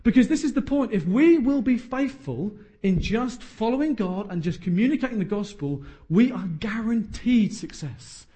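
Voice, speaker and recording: Animated preacher in his thirties. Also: high-pitched, normal speed, hardly any pauses. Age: 30s. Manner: emphatic, joking asides. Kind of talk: sermon.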